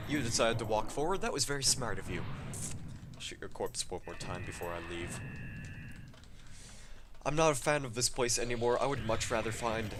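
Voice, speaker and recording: A young man giving playful commentary over a shooter game, swinging between excited outbursts and mock-calm asides. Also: medium pitch, normal speed, pauses often. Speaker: gaming commentator. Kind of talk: casual let's-play commentary. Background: game music.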